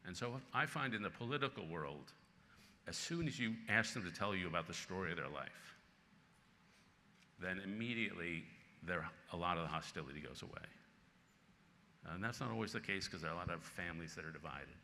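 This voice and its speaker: With a deep voice and a slightly quick delivery, a man in his sixties answers questions from a conference audience. He's the featured speaker, a columnist, telling animated anecdotes with bursts of laughter, recorded in a large hall with long reverb and faint noise.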